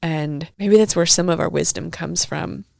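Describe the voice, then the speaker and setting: A woman's voice: on the low side, moderate pace, gravelly, no room sound, studio quality. A middle-aged woman hosting a podcast, teary and heartfelt as she reflects on a recorded conversation. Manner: emotional, heartfelt, soft-spoken. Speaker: podcast host.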